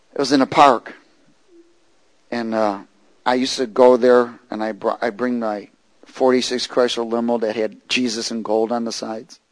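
A man's voice: mid-range voice, dry recording, poor audio. Preacher man telling a testimony. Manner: swings from loud preaching to hushed storytelling. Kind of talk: sermon testimony storytelling.

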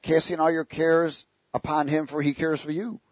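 A man's voice: on the high side, flat delivery, normal speed, dry recording. A man preaching a sermon, telling stories with jokes and asking the congregation rhetorical questions.

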